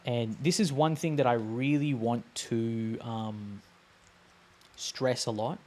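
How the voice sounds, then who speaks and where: A man teaching a language on a live stream, casual and chatty, repeating sounds slowly to demonstrate them. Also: mid-range voice, steady tone, darkish tone.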